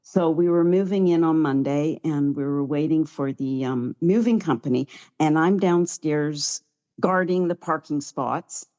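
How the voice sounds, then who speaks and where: A woman's voice: deep voice, a little slow, mellow, lo-fi sound. A middle-aged woman giving a chatty, heartfelt personal recovery share at a meeting, sometimes close to tears. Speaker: guest speaker at a recovery meeting.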